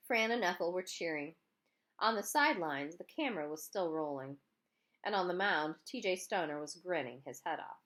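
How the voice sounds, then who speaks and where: A woman reading a children's novel aloud in an expressive first-person narration. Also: lowish voice. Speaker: audiobook reader.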